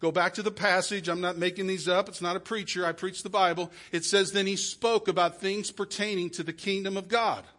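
Middle-aged male pastor, emphatic sermon delivery with loud bursts and hushed asides; high, bright tone. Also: fairly even intonation, a little fast, few pauses. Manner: emphatic preaching with sudden loud peaks and drops to a hush. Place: church sanctuary.

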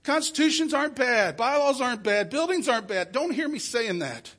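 Middle-aged male pastor, emphatic sermon delivery with loud bursts and hushed asides; high, bright tone. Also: lively intonation, fairly quick. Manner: emphatic preaching with sudden loud peaks and drops to a hush. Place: church sanctuary.

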